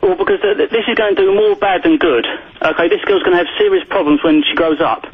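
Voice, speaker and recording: Fast-talking Englishman on a call. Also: high voice, slightly rough. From England. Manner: quick, emphatic, chatty. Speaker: caller. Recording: dull internet phone line.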